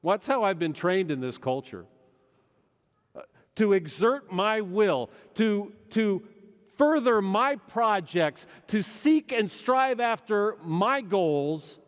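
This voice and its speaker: A middle-aged male pastor preaching a sermon, swinging between loud urgency and hushed intensity. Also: high voice, expressive, slow pace. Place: large church sanctuary. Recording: long church hall reverb.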